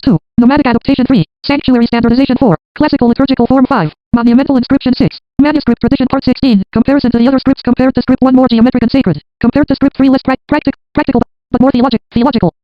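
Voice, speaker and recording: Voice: medium pitch, no room sound. A narrator reading notes aloud as scripted narration, with a clipped, list-like delivery in short fragments. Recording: dull lo-fi dry recording.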